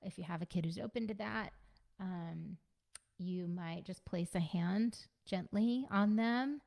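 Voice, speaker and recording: A woman giving a casual teaching talk to parents as a parenting coach, conversational and gently instructive, repeating her key points. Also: fairly low pitch, unhurried, gravelly. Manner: conversational, frequent fillers like "you know" and "like".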